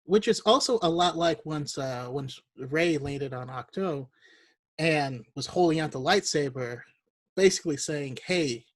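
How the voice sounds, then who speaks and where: A man with a fairly high voice chats on a podcast in a relaxed, reflective way. His voice sounds dry and close, with no room sound around it. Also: measured pace, dry recording. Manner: relaxed, reflective, laughs easily. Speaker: podcast co-host. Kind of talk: casual chat.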